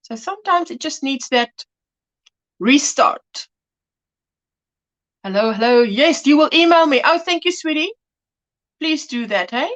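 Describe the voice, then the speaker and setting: A woman's voice: high-pitched, lively intonation, unhurried, pauses often, a bit bright, dull audio. A woman hosting a casual crochet livestream, chatty, greeting viewers and reading their comments aloud. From South Africa. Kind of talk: casual live-stream chat. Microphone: phone.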